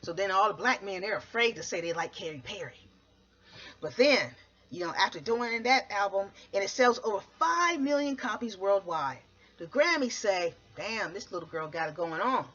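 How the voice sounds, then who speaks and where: A woman hosting a podcast, telling a comic story in a rambling way, looping back with "so anyway" and jumping into quick voiced quotes. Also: medium pitch, expressive, fairly bright tone. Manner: rambling, keeps restarting with "so anyway". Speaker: podcast host. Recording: dull lo-fi recording.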